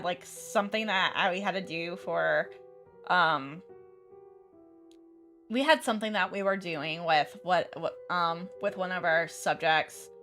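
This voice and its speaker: Young woman rambling about her week, lots of ums and restarts, bright tone, soft music behind. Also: lowish voice. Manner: rambling, lots of fillers and restarts, laughs often. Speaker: teacher and content creator. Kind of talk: casual storytelling chat while gaming.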